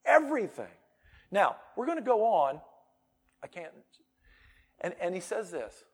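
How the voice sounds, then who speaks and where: A man preaching a sermon with a high, wide-ranging voice that leaps up on emphatic lines and drops low for quiet asides. He sounds middle-aged and talks like a pastor in the pulpit. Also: very animated, measured pace, breathy edge. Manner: emphatic, swings between loud declarations and quiet asides.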